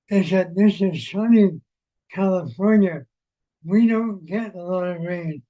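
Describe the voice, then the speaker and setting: A man speaking to an online group in a chatty, plainspoken way. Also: high-pitched. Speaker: participant. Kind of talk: casual sharing. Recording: dull, lo-fi call audio.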